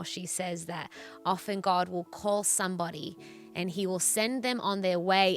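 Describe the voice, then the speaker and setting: A woman's voice: fairly low pitch, a bit bright. A woman with an Australian accent, a guest on a faith TV show, speaking earnestly and encouragingly about her testimony.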